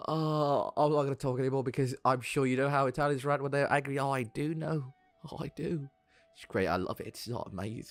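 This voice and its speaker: A young man streaming a game, ranting excitably with heavy swearing. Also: medium pitch, slow, pauses often, no room sound, soft background music. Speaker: gaming streamer. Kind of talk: live-stream rant.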